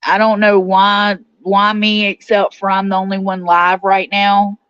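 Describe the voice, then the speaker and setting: A woman's voice: mid-range voice, flat delivery, unhurried, a bit bright, clear, resonant tone, dry recording. A woman hosting a casual livestream, chatting and answering viewer comments aloud. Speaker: livestream host reading chat. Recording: dull, slightly lo-fi sound.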